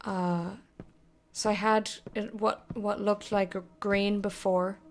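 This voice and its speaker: A woman's voice: mid-range voice, flat delivery, slow pace, slight background noise. A woman casually commenting on a game as she plays, in a playful, sweary way. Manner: playful, sweary, laughs often. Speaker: gameplay streamer. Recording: voice over game music.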